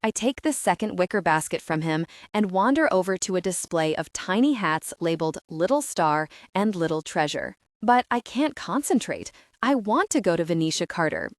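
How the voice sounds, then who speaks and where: A woman narrating a comic audiobook in the first person. Her reading is gushing, breathless and excitable. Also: lowish voice, dry recording, clean studio sound.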